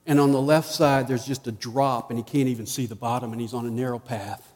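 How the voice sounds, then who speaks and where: A man preaching a sermon as pastor, rising to emphatic peaks and dropping to quiet asides. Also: medium pitch, fairly even intonation, a little fast, long reverb tail.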